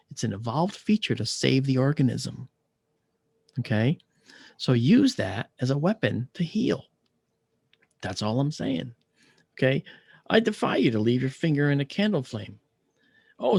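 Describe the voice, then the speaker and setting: A man of science recounts a personal experience in an animated storytelling manner, acting out the people he quotes. His voice has a gravelly, husky grain. The recording is dry and close, with no room sound. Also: mid-range voice, no echo. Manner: acts out dialogue in lively quoted voices.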